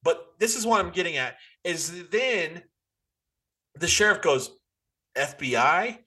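A man's voice: sits high, lively intonation, slow, pushed and bright. A man in casual podcast chat, retelling a movie with exasperated swearing. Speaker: podcast co-host.

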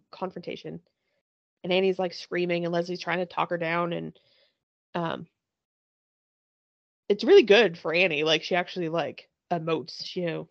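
A woman with a gravelly, fry-edged voice chats loosely about a TV show, laughing often and telling the scenes with lots of swearing. The recording sounds dull and lo-fi, with a dry, close sound and no room around it. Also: lowish voice, no echo. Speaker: podcast host. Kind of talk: casual chat recapping a TV show.

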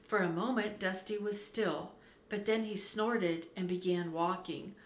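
A woman narrating a children's storybook aloud in a measured, clear, expressive way. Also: medium pitch. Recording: roomy echo, faint background hum.

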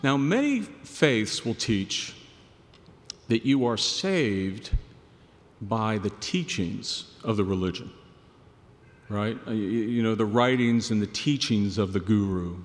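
A male pastor preaching a sermon, swelling to loud emphatic peaks and then dropping low and quiet. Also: lively intonation, takes it slowly, in a large hall.

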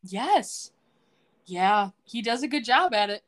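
A woman's voice: on the high side, big pitch swings, takes it slowly. A woman co-hosting a podcast, recapping a TV episode in casual chat, laughing often and quoting the characters. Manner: laughs often, retells scenes in quoted voices. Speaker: podcast co-host.

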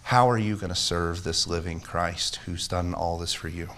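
With a low-pitched, somewhat bright voice and fairly even intonation at normal speed, a man preaches a sermon as pastor. He speaks earnestly and emphatically, repeats phrases, and finishes with a prayer of rising intensity.

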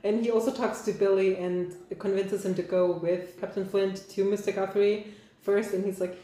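A woman's voice: mid-range voice, steady tone, moderate pace, mellow. A young woman co-hosting a casual podcast, thinking aloud and laughing often. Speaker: podcast co-host. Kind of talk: casual chat. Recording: very echoey room.

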